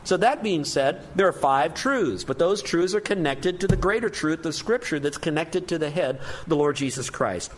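A man's voice: on the high side, expressive, moderate pace, few pauses, slight background noise. A man preaching a sermon as pastor, earnest and emphatic, with rising stresses on key points.

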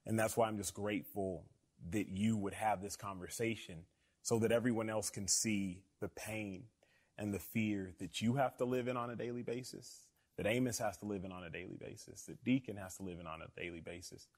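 A man's voice: on the low side, brisk, darkish tone. Earnest, emphatic man hosting a talk. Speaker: host. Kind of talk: conversational interview.

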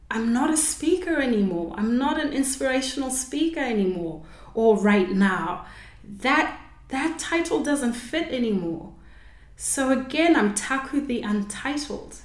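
A woman hosting her own unscripted podcast, talking reflectively in a rambling way and correcting herself as she goes. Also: medium pitch. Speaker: podcast host. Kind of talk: unscripted solo podcast talk. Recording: roomy echo.

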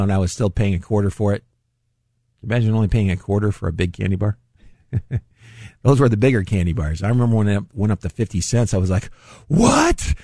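A man's voice: fairly low pitch, dark tone, dry recording, studio quality. A middle-aged man hosting a radio show as a financial advisor, explaining in a chatty way and chuckling often. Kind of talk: casual radio talk.

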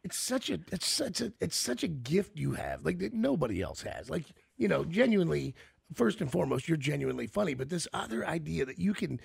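Gravelly, lively radio host. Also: male voice, a little high, a little fast, no room sound, studio quality. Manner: enthusiastic, heaps on praise. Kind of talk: casual chat.

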